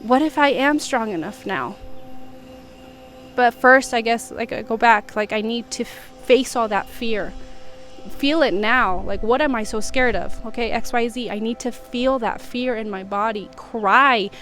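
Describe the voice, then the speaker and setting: A woman's voice: on the high side, moderate pace, soft background music. A young woman from the United States, talking through her feelings in a rambling, reflective confessional vlog from her home in Vietnam. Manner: reflective, rambling, soft-spoken. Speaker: vlogger. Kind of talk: emotional confessional monologue.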